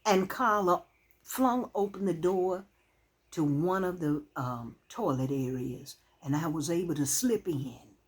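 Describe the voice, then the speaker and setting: A woman, talking to her channel's viewers to camera in a heartfelt, halting, emotional way. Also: on the low side, animated, breathy edge. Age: 60s. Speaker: channel host. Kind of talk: casual talk to camera.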